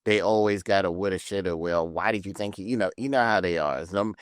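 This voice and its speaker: A man's voice: deep voice, brisk, dry recording, clean studio sound. An older man, a retired sheriff, giving emphatic, opinionated commentary on a podcast. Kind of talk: opinionated conversation.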